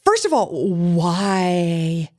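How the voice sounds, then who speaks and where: A woman's voice: fairly low pitch, very animated, extremely slow. A woman co-hosting a podcast in casual chat, sarcastic and profane, telling stories with animation. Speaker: podcast co-host.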